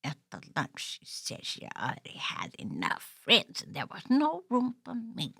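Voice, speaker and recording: A man voicing an excitable little girl sidekick in a children's radio skit, squeaky and bouncy. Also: measured pace, vocal fry, dry recording, studio quality, full character voice. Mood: aggrieved.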